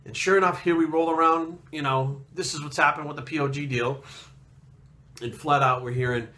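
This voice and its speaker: A man's voice: on the high side, fairly even intonation, normal speed, bright, forceful tone. A man hosting a fitness channel, talking bluntly and profanely in a heated, casual rant, often acting out what others said. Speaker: fitness video host. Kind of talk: casual ranting monologue.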